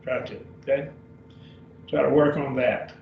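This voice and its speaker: A man's voice: mid-range voice, level tone, creaky. A man teaching a beginner Greek class over a video call, speaking patiently and repeating each word. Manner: slow, patient, repeats words. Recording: dull, roomy, distant with faint hiss.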